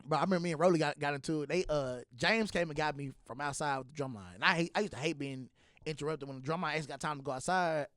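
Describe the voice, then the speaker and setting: Fast-talking high-voiced young man. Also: no room sound, clean studio sound. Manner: animated, acts out quoted voices, laughs often. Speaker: podcast host. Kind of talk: casual storytelling chat.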